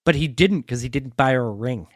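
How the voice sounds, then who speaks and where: Blunt podcast guy, lively pitch. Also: a little fast, no echo, clean studio sound. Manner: blunt, annoyed opinions. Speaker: podcast co-host. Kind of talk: casual chat.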